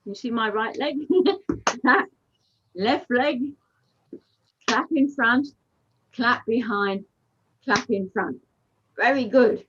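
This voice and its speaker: A woman facilitator guides a group over a video call, calling out each step and count in an unhurried, deliberate way. The audio is dull and lo-fi, like a typical online meeting. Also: a little high, noisy background. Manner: counts and calls out steps to lead a group. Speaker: workshop facilitator. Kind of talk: leading a group movement exercise.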